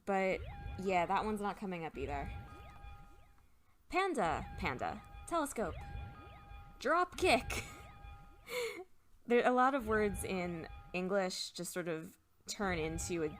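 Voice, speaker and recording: A young woman talks through a game at her home computer, chatty and thinking aloud as she checks a dictionary. Her pitch jumps around a lot, with a faint bit of game music underneath. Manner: chatty, thinks aloud while looking words up. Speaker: let's play host. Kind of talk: casual game commentary, explaining Japanese words.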